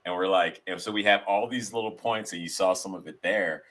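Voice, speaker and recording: A low-voiced man with a bright, forward tone, chatting as a podcast guest. He tells his stories loosely, circling back and restarting his sentences as he goes. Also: a little fast. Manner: rambling, storytelling with restarts. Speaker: guest, sketch comedian. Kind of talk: casual interview chat.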